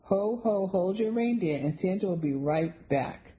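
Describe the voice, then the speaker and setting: A woman voicing a jolly older male mall Santa who booms his ho-ho-hos in an audiobook. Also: animated, a little slow, dark tone, muffled recording, lightly acted.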